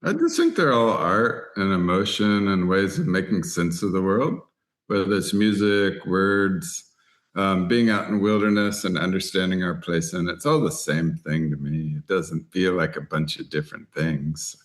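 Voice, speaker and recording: A middle-aged man from Texas, a writer and angler, telling lively anecdotes in an interview and acting out other people's lines. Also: deep voice, normal speed. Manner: animated anecdotes, voices other people in quotes. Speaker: podcast guest, writer and angler. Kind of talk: storytelling interview chat.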